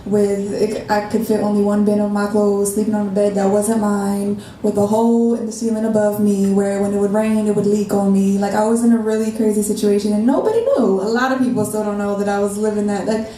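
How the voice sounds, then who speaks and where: A woman in her twenties, a guest spoken word artist, telling a candid personal story in an animated way and acting out the dialogue. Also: mid-range voice, brisk, hardly any pauses. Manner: animated, acts out quoted dialogue. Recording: echoey room, mic far off, faint noise.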